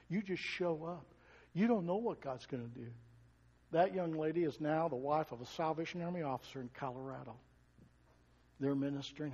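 An older man preaching a sermon, telling stories with emphatic swells and soft asides. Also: fairly high pitch, slightly rough, long reverb tail, highs cut off. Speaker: pastor.

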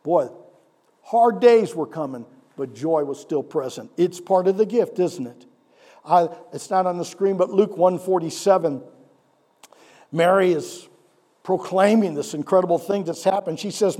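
A man pastor preaching a sermon, animated, asking the congregation rhetorical questions and swinging between loud and hushed delivery. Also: high-pitched, moderate pace.

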